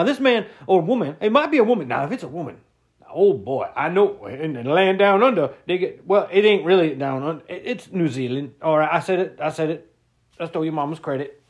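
A middle-aged man doing a comic monologue. He rambles, stammers and repeats words, with a mock-indignant tone. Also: high-pitched. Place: lives in Florida.

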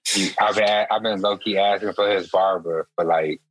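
A man's voice: deep voice, fairly even intonation, normal speed, no echo. A man from Chicago co-hosting a podcast in laid-back, slangy casual chat while sick with a stuffy nose. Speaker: podcast co-host. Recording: dull dry lo-fi audio.

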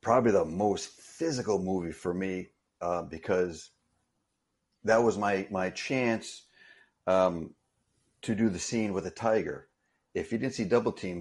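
A man telling a story in casual conversation, animated and full of restarts. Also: lowish voice. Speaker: interview guest, stuntman.

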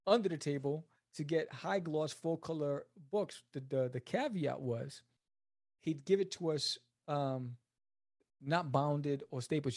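A man, a comic creator telling stories as a guest in a casual interview, acting out the people he quotes. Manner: animated, acts out quoted people in a higher voice.

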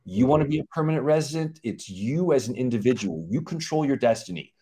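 A man's voice: mid-range voice, animated, fast, warm tone. A man speaking as a company chief on a live stream, explaining rules in an emphatic way and acting out the back-and-forth of clients and lawyers. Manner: emphatic, acts out quoted exchanges. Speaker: guest, company CEO.

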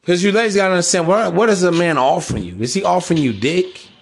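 Man, blunt preachy monologue, slangy, raised pitch, faint music bed. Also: quick pace. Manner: blunt, preachy, slangy, acts out mocking voices. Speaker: podcast host. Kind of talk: casual monologue.

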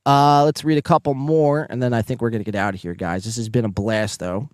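A man with a Northeastern American accent hosting a live podcast, casually reading chat messages aloud, joking and swearing, with sudden loud bursts. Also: mid-range voice, fairly quick, clear, resonant tone, no echo, studio quality. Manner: profane, joking, animated bursts. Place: home, near neighbors.

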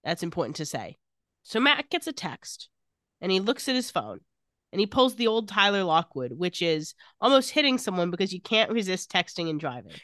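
Chatting casually on a podcast she co-hosts, this woman walks through scenes from a TV episode, voicing the characters' lines along the way. She speaks at a normal speed in a lowish, sing-song voice with a bit of brightness, recorded cleanly in a studio with no room sound.

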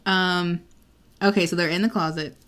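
A woman's voice: lowish voice, steady tone, moderate pace, a bit bright. A woman co-hosting a podcast in casual book chat, frank and crude, often laughing. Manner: frank, giggly, crude humor. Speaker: podcast co-host.

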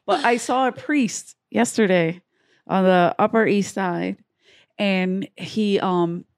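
A woman's voice: mid-range voice, takes it slowly, dry recording. Crude joking woman, dry sound. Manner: crude, joking, laughing storyteller. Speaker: podcast host. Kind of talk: casual comedic chat.

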